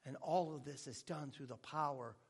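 A male pastor preaching a sermon with animated delivery and joking asides, at times dropping to a hushed tone. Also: a little high, moderate pace, slightly rough.

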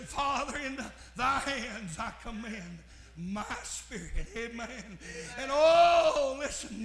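High, bright preacher man. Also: echoey room. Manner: builds from hushed, slow phrases to shouted, fervent preaching. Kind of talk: sermon.

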